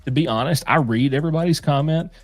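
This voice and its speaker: A man's voice: a little high, quick pace, dry recording, faint music behind. A man co-hosting a casual live bourbon stream, loose and jokey with a lot of swearing. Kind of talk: casual livestream chat.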